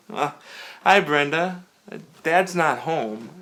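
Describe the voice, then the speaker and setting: A woman's voice: low voice, expressive, takes it slowly, fairly bright tone, a little hiss or hum, full character voice. An actress playing a young woman home from college who talks about her absent father in a dry, offhand way. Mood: wry. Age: young adult.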